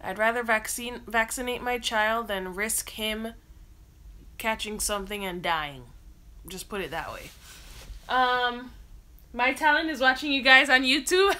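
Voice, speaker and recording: Bright-voiced woman chatting on a livestream. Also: on the high side. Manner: chatty, reads viewer comments aloud and answers them. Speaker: livestream host. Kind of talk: casual livestream chat. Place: lying down at home.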